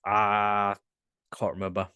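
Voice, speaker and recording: Northern English man, podcast co-host, low voice, dry close sound, laid-back and hesitant. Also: level tone, slow, bright, forceful tone, clean tone, no echo, dull audio. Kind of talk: casual chat.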